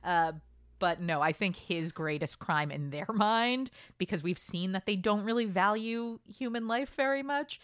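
A woman hosting a podcast, chatting casually and reading listener emails aloud with quick asides. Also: medium pitch, fairly bright tone, clear, resonant tone, no room sound, clean studio sound. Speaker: podcast host.

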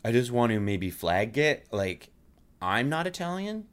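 A man chatting casually in a quick, animated way. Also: mid-range voice, over a noisy crowd. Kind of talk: casual chat.

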